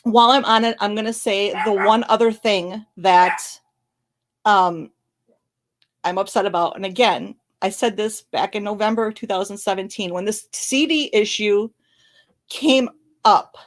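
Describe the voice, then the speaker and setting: A woman hosting her own channel, commenting on a legal case in a fast, blunt, candid way while tearful and crying on and off. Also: mid-range voice. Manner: fast, blunt, candid talk with many apologies and restarts. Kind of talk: emotional live-stream commentary. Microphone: camera recording.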